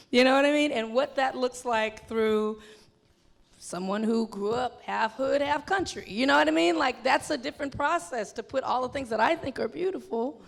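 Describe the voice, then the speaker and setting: A woman speaks as a festival guest, telling stories in an animated, chatty way with plenty of "you know"s. Her voice sits on the higher side and has a gravelly fry in it. The sound is washed in long hall reverb from the venue. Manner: animated, chatty storytelling with many fillers. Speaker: filmmaker guest. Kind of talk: onstage festival conversation. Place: film festival venue with an audience.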